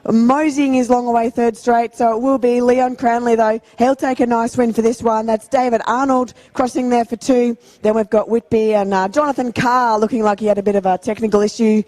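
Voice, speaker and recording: A woman with a fairly high, even voice commentates bike races at an outdoor track. She talks in a chatty way and corrects herself as she goes. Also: brisk, hardly any pauses. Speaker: race announcer. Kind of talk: live race commentary.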